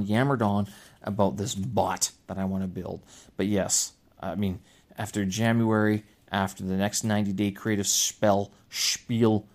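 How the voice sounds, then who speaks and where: A man's voice: fairly low pitch, darkish tone. Rambling male podcast host. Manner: rambling, with frequent restarts and filler. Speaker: podcast host and English teacher. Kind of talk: casual solo podcast monologue. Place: lives in China.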